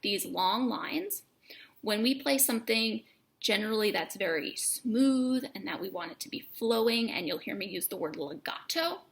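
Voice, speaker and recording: A woman explains music notation as a teacher, stressing key words clearly and encouragingly. Her voice is bright and forward. It carries a gravelly, creaky texture. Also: fairly high pitch, animated, moderate pace. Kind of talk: instructional lesson.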